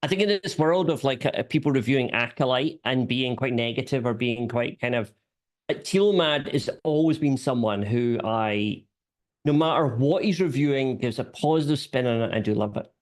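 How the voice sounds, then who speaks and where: A Scottish man with a softened Scottish accent that carries an Irish edge. He chats casually as a guest on a live stream, self-deprecating and playful, and he often restarts his sentences. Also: medium pitch, normal speed. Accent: Scottish with an Irish lilt. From Scotland. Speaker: guest panelist, content creator.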